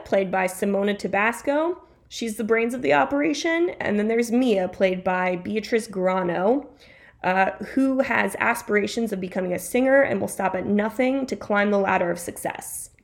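A woman co-hosting a casual podcast, chatting through a TV recap with playful asides and self-corrections. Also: mid-range voice. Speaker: podcast co-host.

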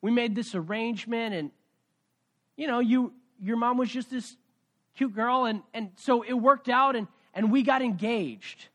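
A man playing a calm middle-aged carpenter father explaining things to his son. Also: very high voice, measured pace. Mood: reminiscing.

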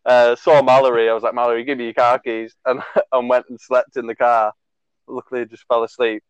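A man's voice: medium pitch, flat delivery, brisk, clean tone, no room sound, lo-fi sound. A young man in his twenties telling a long, rambling story on a podcast, laughing and swearing as he goes, full of fillers. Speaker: podcast co-host. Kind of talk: casual storytelling chat.

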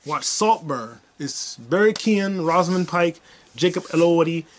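A man's voice: on the high side, lively intonation, a little slow, slight background noise. A young man hosting his own podcast, telling loose, profane stories and repeating his punchlines. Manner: loose, profane, repetitive storytelling. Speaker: podcast host. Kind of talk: solo comedic podcast monologue.

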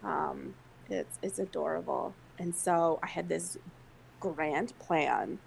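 Chatty woman with a gravelly voice. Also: sits low, takes it slowly, slight background noise, low-quality recording. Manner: chatty, many fillers. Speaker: podcast co-host. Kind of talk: casual chat.

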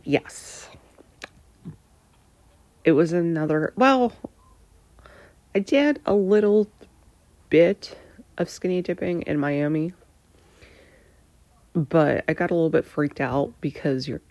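A woman in her thirties with a slow, unhurried delivery and a gravelly, fried edge to her voice. She answers personal questions candidly, pausing often and slipping into breathy near-whispers. The sound is dry and close, with no room echo. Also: deep voice, darkish tone. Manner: hesitant, lots of pauses and fillers, drifting into breathy near-whispers.

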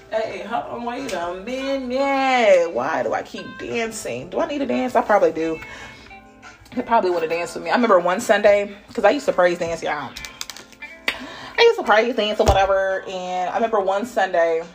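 A woman giving a casual spiritual reading, playful and laughing, dropping to whispers and jumping to loud bursts. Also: mid-range voice, normal speed, creaky, faint music behind. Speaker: spiritual reader channeling messages. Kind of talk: casual intuitive reading monologue.

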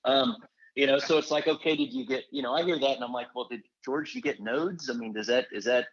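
A man's voice: mid-range voice, brisk. A man hosting a podcast interview, talking casually and rambling, with many restarts. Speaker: podcast host. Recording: dull lo-fi sound.

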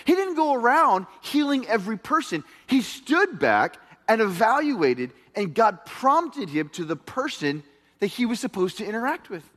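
A middle-aged man preaching a sermon as pastor, telling stories in an animated way that swings from hushed to loud. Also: sits high, moderate pace. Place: church hall. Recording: long hall reverb.

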